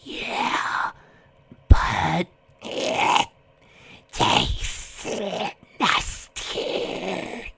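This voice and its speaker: A man's voice: fairly high pitch, wildly swooping pitch, drawn-out words, creaky, long pauses, sharp tone, slight background noise, voice pushed up, full character voice. A man voicing a chained, scaly sea creature that talks like a hurt child in a burbling sing-song whisper. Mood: pained, childlike.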